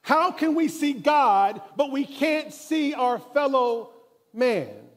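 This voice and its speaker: Male pastor, sermon in a church; high voice, very lively pitch, dramatic storyteller. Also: takes it slowly. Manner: dramatic storytelling, building intensity. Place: church sanctuary.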